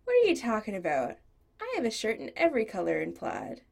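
A woman's voice: a little high, expressive, a little slow, creaky, warm tone, slightly rough, full character voice. A woman voicing a shy young male shoe designer who answers sheepishly and protests when teased. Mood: protesting.

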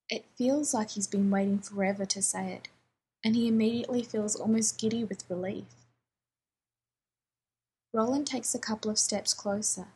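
A woman reading fan fiction aloud in a calm, even storytelling manner. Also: mid-range voice, slightly rough, rough recording. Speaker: audiobook reader.

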